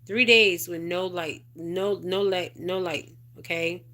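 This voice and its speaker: A woman's voice: on the low side, steady tone, slow pace, sharp tone. A middle-aged woman hosting a casual livestream, reading viewer comments and rambling with lots of "okay?" and "you guys". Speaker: spiritual advisor livestream host.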